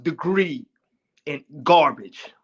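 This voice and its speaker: A man's voice: a little high, expressive, slow pace, breathy edge. A man, rambling in casual podcast chat and often groping for names. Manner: rambling, searching for words. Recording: dull lo-fi audio.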